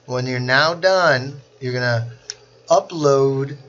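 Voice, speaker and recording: A man teaching a software class, walking through each click step by step in a screen-recorded tutorial. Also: medium pitch, slow, muffled recording, a little hiss or hum. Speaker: instructor.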